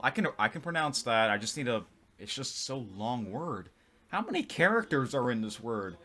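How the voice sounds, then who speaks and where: A man's voice: mid-range voice, big pitch swings, moderate pace, bright, forceful tone, soft background music. A man vlogging in casual commentary, rambling with many restarts and self-corrections. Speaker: vlogger reading tweets.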